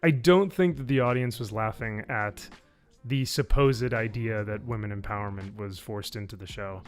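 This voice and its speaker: A man's voice: fairly low pitch, moderate pace, soft background music. Rambling man reviewing a show. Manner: rambling, profane, with frequent fillers. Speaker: YouTube reviewer. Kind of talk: casual spoken review.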